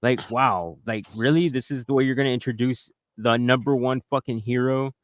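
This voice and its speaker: A man's voice: mid-range voice, normal speed, no room sound. A man co-hosting a casual podcast chat, blunt and irritated, swearing heavily. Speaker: podcast co-host.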